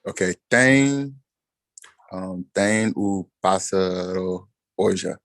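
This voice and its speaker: A man learning a language in class, halting and hesitant, apologizing for his mistakes. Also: sits low, a bit bright, no room sound. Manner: hesitant, halting, self-deprecating. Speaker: language student.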